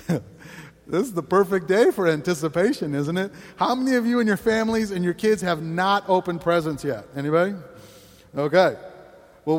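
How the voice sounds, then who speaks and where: A man preaching an energetic sermon as pastor, exclaiming and laughing often between lines. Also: sits high, in a large hall.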